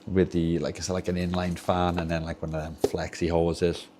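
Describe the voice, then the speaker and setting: A man's voice: low voice, monotone, normal speed, background noise. A young Welsh man with a Welsh accent, chatting casually and rambling as he repairs controllers on a livestream in his home workshop. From Wales. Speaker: streamer repairing game controllers. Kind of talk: casual livestream chat while tinkering. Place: home workshop with soldering bench.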